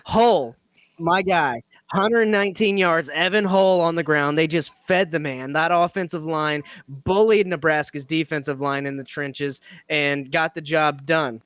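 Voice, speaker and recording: Higher-voiced man hosting a sports podcast. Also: measured pace, fairly bright tone, clean tone, no echo. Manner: laughs often, rambling and self-mocking. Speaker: podcast host. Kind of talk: casual sports podcast chat.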